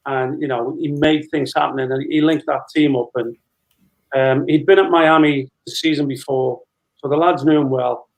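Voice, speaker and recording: A man's voice: on the high side, normal speed, gravelly, low-quality recording. Laughing middle-aged man telling stories. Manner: laughing, animated anecdote-telling. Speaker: former footballer, guest. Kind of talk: casual storytelling interview.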